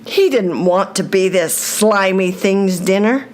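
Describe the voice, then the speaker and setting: Reading aloud from a children's story, this older woman keeps her mid-range voice slow and deliberate.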